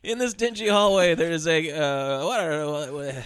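Male podcast co-host, somewhat high voice, dry close sound, animated profane retelling. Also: moderate pace, smooth, dry recording. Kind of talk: casual film discussion.

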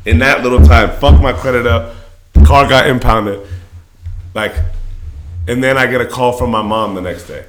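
A man's voice: mid-range voice, steady tone, moderate pace, pauses often, slight background noise. A man in his late twenties, a podcast guest, candidly telling a story in casual talk, full of swearing and fillers. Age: late 20s. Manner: candid, profane, with lots of fillers.

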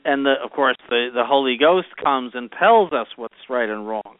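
A man serving as bishop and co-host, explaining doctrine in a measured, explanatory conversational way. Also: medium pitch, animated, dry recording. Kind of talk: conversational religious commentary. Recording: tinny phone-like dry sound.

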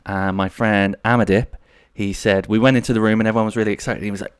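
A man's voice: fairly low pitch, fast talker, clean tone, no echo, clean studio sound. A man in his thirties hosting a podcast solo, rambling through jokey anecdotes. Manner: rambling, jokey, slips into silly voices. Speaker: podcast host.

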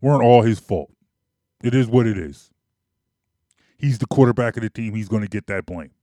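A man's voice: fairly low pitch, normal speed, warm tone, dry recording, studio quality. Emphatic man ranting about sports. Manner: emphatic, repetitive, argumentative. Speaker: sports commentator. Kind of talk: opinionated sports monologue.

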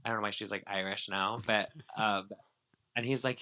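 A man co-hosting a casual podcast chat about reality TV, talking in a loose, animated way with lots of fillers and acted-out quotes. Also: lowish voice, brisk. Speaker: podcast co-host.

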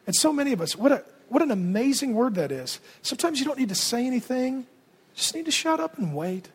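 A male pastor with a strikingly high voice preaches a sermon. He talks in an animated, conversational way and mixes jokes into his preaching. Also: fast talker, breathy edge.

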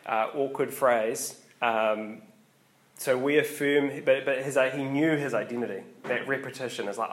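A man giving a casual, conversational sermon, often pausing with ums and restarting his sentences. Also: mid-range voice. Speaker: preacher.

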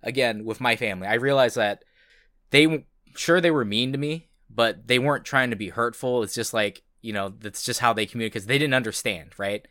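A man's voice: mid-range voice, brisk, sharp tone, dry recording, studio quality. A man co-hosting a podcast, chatting casually and earnestly, with many fillers. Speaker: podcast co-host. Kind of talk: casual chat.

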